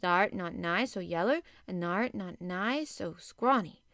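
A woman's voice: lowish voice, measured pace, a bit bright, no room sound, studio quality. A woman voicing a frank, kindly young housemaid in an audiobook. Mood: hearty. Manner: broad dialect, frank and hearty. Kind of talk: audiobook character voice.

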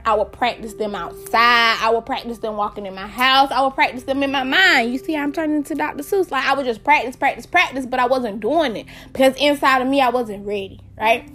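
A bubbly young woman with a bright, high voice chats casually on her own podcast. She tells her story in a lively, animated way. Soft music plays faintly underneath. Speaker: podcast host. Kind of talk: casual chat.

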